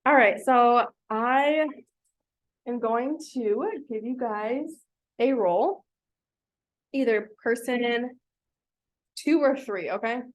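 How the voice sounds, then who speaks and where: A woman's voice: on the high side, slow, pauses often. A woman teaching a small reading group, patient and encouraging, asking the children many questions. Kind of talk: classroom instruction to children.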